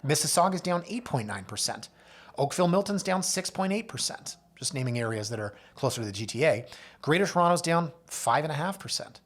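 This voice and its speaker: A man's voice: fairly high pitch, lively intonation, a little fast, fairly bright tone. A man, a realtor hosting his own show, talking casually to camera and reading off numbers with self-mocking asides. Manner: chatty, self-mocking asides, reads figures off a list with sudden lifts. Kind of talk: casual market commentary to camera. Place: office or studio with someone off camera.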